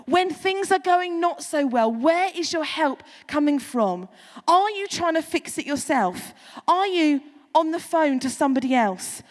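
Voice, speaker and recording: A woman pastor giving a sermon, chatty and animated, with playful asides to the congregation. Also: high-pitched, measured pace, big-room sound.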